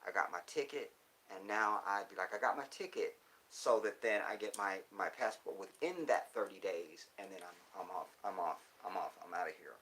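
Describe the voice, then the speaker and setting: Texan man, phone livestream host, bright and forceful tone, animated and outspoken. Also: low-pitched, normal speed, a little hiss or hum. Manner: animated, swings into heated profane rants. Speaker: livestream host reading viewer comments. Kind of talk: casual livestream chat.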